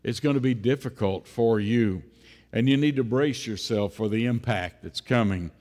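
A man preaching a sermon in a church, unhurried, repeating phrases and often pausing on "uh". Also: medium pitch, darkish tone. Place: church sanctuary. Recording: long church-hall reverb.

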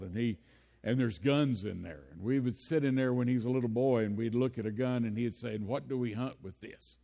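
A man's voice: mid-range voice, gravelly, dark tone. An older man preaching a sermon, telling folksy personal stories and building into impassioned preaching. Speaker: pastor. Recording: long hall reverb.

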